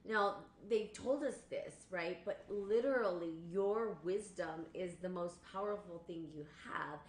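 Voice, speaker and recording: A woman's voice: lowish voice, unhurried. Rambling woman hosting a spiritual live stream. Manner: rambling, repeats phrases, laughs, greets viewers. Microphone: computer or phone on a live stream. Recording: echoey room with faint noise.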